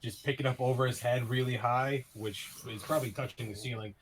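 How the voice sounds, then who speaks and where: A man's voice: mid-range voice, fairly even intonation, brisk, poor audio. A man playing a tabletop game, describing his character's actions. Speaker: player.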